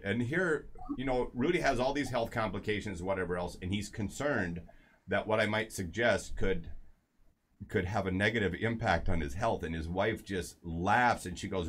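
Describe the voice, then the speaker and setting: A man's voice: mid-range voice, brisk, a bit bright. A man hosting a casual health talk show, telling a story with lots of asides and restarts. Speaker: show host.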